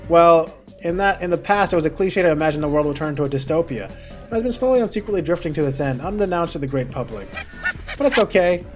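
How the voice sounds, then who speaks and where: A woman's voice: on the low side, expressive, quick pace, a little mellow, close to an everyday voice. A woman voicing a haughty, insulting cube-shaped mascot villain from a game, with mocking, vulgar taunts over faint music. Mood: scheming.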